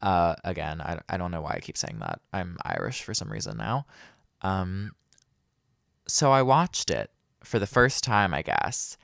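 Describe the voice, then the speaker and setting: A man's voice: low-pitched, huge pitch swings, a little slow, gravelly, a bit bright, no echo, clean studio sound. A young man hosting a casual solo podcast, rambling and self-deprecating with lots of fillers. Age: young adult. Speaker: podcast host.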